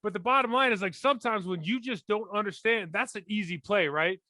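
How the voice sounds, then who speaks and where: Animated high-voiced man, dry sound. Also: fairly quick, dry recording. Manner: animated storyteller, blunt and rambling. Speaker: former football player and podcast co-host. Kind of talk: casual sports chat.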